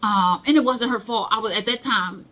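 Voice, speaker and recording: A woman's voice: fairly high pitch, normal speed, pushed and bright. A middle-aged woman, giving casual motivational advice and telling stories. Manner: conversational, storytelling, acts out quoted voices. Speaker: motivational speaker.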